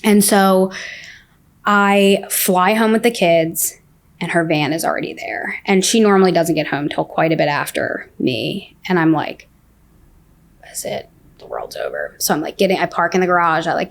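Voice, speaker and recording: A young woman with a lowish voice recounts her story in a loose, chatty way. Her sentences are peppered with "like" and tumble over quick restarts. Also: a little hiss or hum. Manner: fast, filler-heavy telling with many "like"s. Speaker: guest sharing her story. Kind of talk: casual storytelling.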